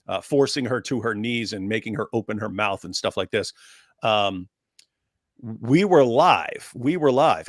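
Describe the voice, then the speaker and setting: A man in a call-in livestream discussion, arguing emphatically at a middle pitch. He circles back and repeats his phrases to drive each point home, and his voice sounds dry and close, with no room echo. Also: a bit bright. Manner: emphatic, repeats phrases while building an argument.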